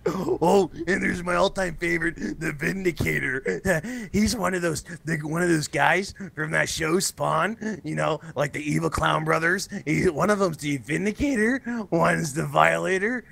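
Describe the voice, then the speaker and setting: A man's voice: a little high, measured pace, vocal fry, bright, forceful tone, exaggerated voice. A man voicing an ancient vampire count with a put-on foreign accent, theatrical and fussy, on a game stream voice chat. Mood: rambling. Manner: grand put-on foreign accent, sweeping exclamations.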